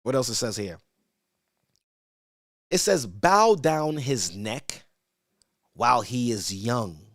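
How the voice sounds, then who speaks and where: A man's voice: medium pitch, animated, fairly bright tone, dry recording. Dry-voiced man teaching scripture casually. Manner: conversational, asks rhetorical "right?", stammers repeats; reads verses slowly and emphatically. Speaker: church elder teaching scripture.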